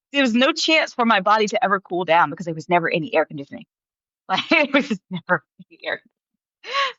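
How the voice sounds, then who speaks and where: A woman in her thirties, a podcast guest, telling her story in an animated way, laughing often and acting out what people said. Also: mid-range voice, dry recording, lo-fi sound. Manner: animated, laughs often, acts out quoted voices. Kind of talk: storytelling in an interview.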